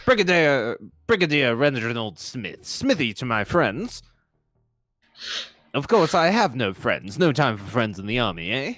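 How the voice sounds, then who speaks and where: A man's voice: medium pitch, sing-song, measured pace, a bit bright, no echo, clean studio sound. A man voicing a dotty, pompous old English army brigadier with a posh, blustering English accent, reading game dialogue aloud.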